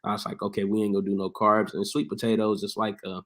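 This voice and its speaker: A man's voice: on the low side, fast. Laid-back man telling kitchen stories. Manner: laid-back, laughs often, animated when quoting others. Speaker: interview guest, barber and home cook. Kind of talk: casual conversational storytelling.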